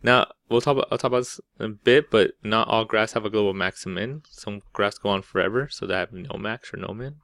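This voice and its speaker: A man's voice: on the low side, brisk, gravelly, few pauses, fairly bright tone, no room sound, clean studio sound. A man teaching calculus in a casual, conversational way, often checking in with "right?" and restarting words mid-thought. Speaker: math teacher. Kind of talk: explaining calculus over a whiteboard.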